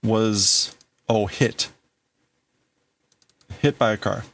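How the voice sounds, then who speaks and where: A man hosting a livestream, casually translating manga aloud and thinking out loud in broken-up phrases. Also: on the low side, extremely slow. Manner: thinking aloud, breaking up phrases, laughing at himself. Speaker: livestream host.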